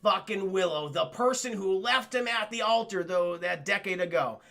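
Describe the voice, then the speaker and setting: A young man retells a movie to his livestream chat in a loose, animated, profane way. His voice sits high and carries gravelly fry, with a bright, forward edge. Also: moderate pace. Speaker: film reviewer livestreaming to chat. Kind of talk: casual spoiler review on a livestream.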